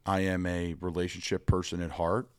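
A young adult man, a pro football player, telling stories as a guest in an energetic, rambling way and acting out the voices he quotes. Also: sits low, moderate pace, smooth, no room sound, clean studio sound. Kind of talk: animated storytelling conversation.

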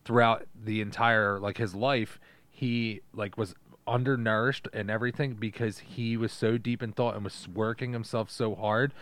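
A man's voice: on the low side, fairly even intonation, moderate pace, fairly bright tone, no echo. A man co-hosting a casual movie review podcast, rambling and hesitant, with some swearing. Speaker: podcast co-host.

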